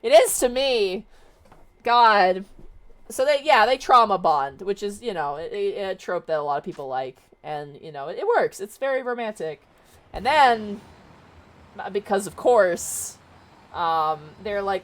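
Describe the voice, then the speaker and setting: A woman's voice: mid-range voice, expressive, unhurried. Rambling woman streamer, full of fillers. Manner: rambling, filler-heavy, swears freely. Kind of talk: casual book recap on a livestream.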